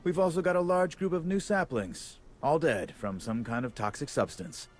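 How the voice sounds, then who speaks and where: An actor playing a gruff, harried male orchard overseer in a video game, blunt and sardonic with folksy speech. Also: fairly high pitch, very animated, moderate pace.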